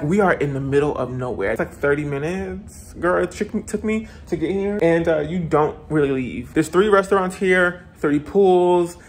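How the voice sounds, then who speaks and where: A man's voice: on the high side, slight background noise. A man giving a casual, gushing vlog tour of a hotel room, chatting to viewers and exclaiming over every detail. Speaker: travel vlogger.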